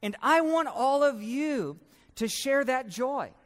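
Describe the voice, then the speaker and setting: A man's voice: extremely high pitch, expressive, slow, fairly bright tone, in a large hall, voice pushed up, heavily acted. A man preacher voicing an imprisoned apostle who urgently pleads with his followers to share his joy. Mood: pleading.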